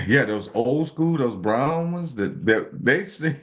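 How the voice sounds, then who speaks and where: A man's voice: mid-range voice, slow, gravelly. A middle-aged man co-hosting a podcast in casual chat, laughing a lot, loose and playful, with folksy slang. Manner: laughing, animated, Southern-tinged slang. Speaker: podcast co-host.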